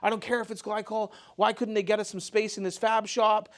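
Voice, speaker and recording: A man's voice: high-pitched, level tone, fairly quick, voice pushed up, close to an everyday voice. A man voicing a furious, hotheaded male coworker who rants and swears in frustration. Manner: shouting in frustration.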